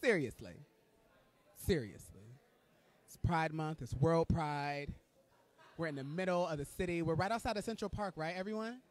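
A man with a slightly high voice hosts live coverage from an indoor red carpet. He talks in a gushing, excitable and campy way. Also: moderate pace, long pauses.

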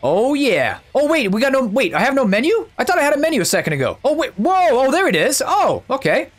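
A man giving casual, excitable gameplay commentary as a YouTuber, chatty and thinking out loud. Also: very high voice, quick pace, soft background music.

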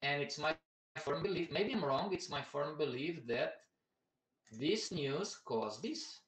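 A man's voice: on the high side, expressive, takes it slowly, fairly bright tone, echoey room, distant mic, low-quality recording. A man hosting a casual live stream about investing, chatty and repetitive, who keeps calling out to everybody watching.

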